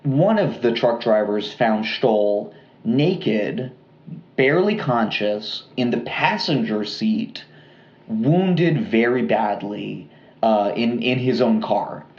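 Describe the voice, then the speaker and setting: Pria bercerita santai, ruangan bergema. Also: male voice, mid-range voice, slow pace, echoey room, lo-fi sound. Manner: relaxed, many fillers and asides. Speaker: podcast co-host. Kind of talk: casual true-crime storytelling.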